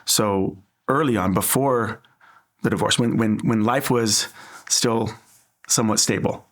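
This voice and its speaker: A man's voice: lowish voice, a little slow. A man from Southern California, an interview guest, giving an earnest, reflective personal faith testimony.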